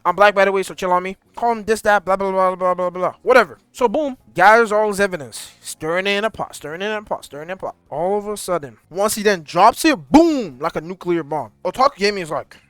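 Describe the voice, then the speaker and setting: A man's voice: sits high, brisk, few pauses, smooth, no room sound. Slangy young man recapping online drama. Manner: slangy, animated storytelling. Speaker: commentary YouTuber. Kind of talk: casual drama commentary.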